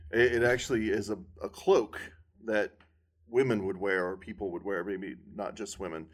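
A man's voice: on the low side, steady tone, moderate pace. A man in casual group chat, rambling through long explanations with frequent restarts.

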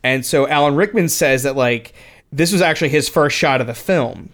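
A man's voice: on the high side, moderate pace, fairly bright tone. Rambling man chatting about films. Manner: rambling, with many restarts and retold quotes. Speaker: podcast co-host. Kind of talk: casual film commentary chat.

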